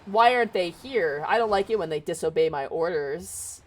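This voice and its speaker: A woman's voice: lowish voice, expressive, normal speed. A woman doing a fussy, bossy king. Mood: peevish. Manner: complaining, bossy. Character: fussy commanding male king.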